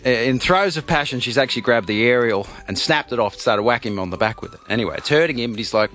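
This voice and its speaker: Man, radio host, bright tone, hesitant storytelling, light music behind. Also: mid-range voice, lively intonation. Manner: chatty, halting storyteller with many fillers. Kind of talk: morning radio banter, telling a joke.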